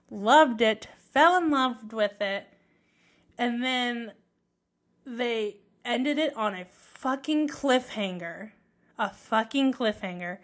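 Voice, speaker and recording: A woman's voice: a little high, fairly bright tone. A woman vlogger ranting casually to camera, exasperated and emphatic, swearing freely.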